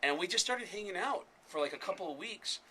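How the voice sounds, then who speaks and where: A man, a comedian, telling an animated story on a radio show, acting out the voices. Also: sits high, noisy background. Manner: animated, fast, acts out voices. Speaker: guest comedian. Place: radio studio.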